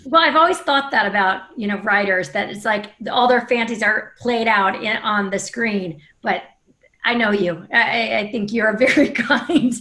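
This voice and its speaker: A woman's voice: a little high, moderate pace, pushed and bright. A woman hosting an interview, effusive and full of compliments for her guests. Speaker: interview host.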